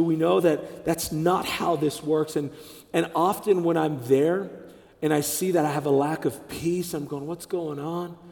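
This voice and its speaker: A man's voice: a little high, darkish tone. A man in his thirties preaching a sermon. He speaks emphatically, repeats key phrases and acts out the voices of the people he quotes. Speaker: pastor. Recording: reverberant hall.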